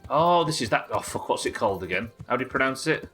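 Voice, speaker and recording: A man's voice: medium pitch, expressive, fast, sharp tone, faint music behind. A man streaming a game live, chatting casually with his viewers and swearing freely as he goes. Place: home streaming setup.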